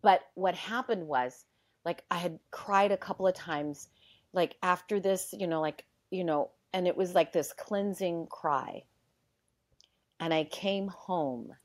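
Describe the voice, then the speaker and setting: A middle-aged woman with a somewhat low voice recounts a personal story in easy conversation. She is animated and emotional, acting out the dialogue and at times dropping almost to a whisper. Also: a little slow. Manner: animated, acts out dialogue, sometimes drops to a hush; heartfelt and emotional. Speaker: guest telling a personal story.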